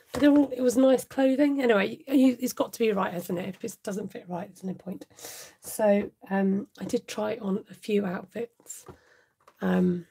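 British lady crafting live and chatting away, bit of fry in her voice, noisy home mic with clicks. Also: mid-range voice. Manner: chatty, thinks aloud, drops into whispered asides. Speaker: craft channel host. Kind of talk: live crafting chat with viewers.

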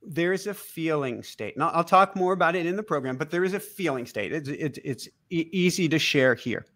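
Animated man teaching with quick laughs. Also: a little high. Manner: animated, laughs through explanations. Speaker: guest teacher. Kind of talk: casual interview teaching.

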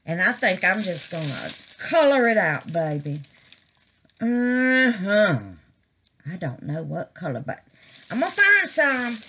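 A woman's voice: on the high side, a bit bright, a little hiss or hum. A middle-aged woman chatting casually to her viewers about her craft, calling them babies and honey. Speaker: craft vlogger.

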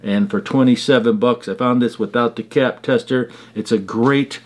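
A man's voice: mid-range voice, fairly even intonation, normal speed. A man chatting casually in a product review vlog, telling stories in a conversational way. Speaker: fragrance reviewer.

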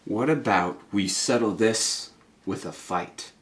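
A man playing a dutiful king, reading his lines flatly and deliberately. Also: lowish voice. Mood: stern. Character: stiff, dutiful male king.

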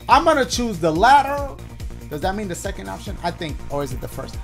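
Excitable, swearing man playing a game. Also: high voice, fairly quick, soft background music. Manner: excitable, loud, profane, joking. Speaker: gaming video host. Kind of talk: let's play commentary.

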